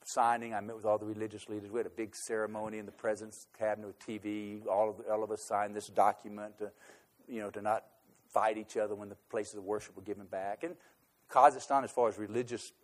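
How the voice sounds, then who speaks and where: Animated man telling a story. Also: fairly low pitch, fast talker. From United States. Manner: animated storyteller, swings between loud emphasis and quiet asides. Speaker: speaker recounting a trip abroad. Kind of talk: personal anecdote storytelling.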